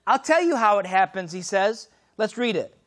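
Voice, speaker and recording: A man preaching a sermon as pastor, swinging from shouted exclamations to hushed, intimate lines. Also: high-pitched, lively intonation, moderate pace.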